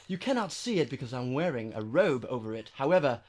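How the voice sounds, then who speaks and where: A man's voice: medium pitch, big pitch swings, brisk, darkish tone, pitched below the performer's own voice. A man putting on a prim, peeved wizard with an accent. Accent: put-on accent. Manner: prim, easily offended, fussy. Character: ugly peeved wizard with a horn on the chest. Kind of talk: improv scene. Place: games venue.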